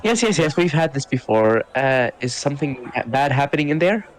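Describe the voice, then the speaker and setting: A man's voice: medium pitch, animated, brisk, a faint crowd, lightly acted, low-quality recording. Hesitant, courteous female adventurer with a mid-range voice, played by a man at the table. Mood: polite. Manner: hesitant, polite, filler-laden. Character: polite curious female adventurer.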